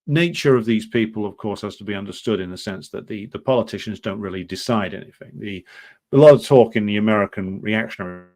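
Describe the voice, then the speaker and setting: Male commentary host, slightly low voice, off-the-cuff and sardonic, hesitant with frequent fillers. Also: fast, darkish tone. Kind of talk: unscripted commentary reading from an article.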